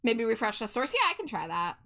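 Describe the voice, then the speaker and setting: A woman's voice: on the high side, very animated, fairly quick. A woman streamer chatting casually with her viewers while she draws, reading their messages aloud and laughing often.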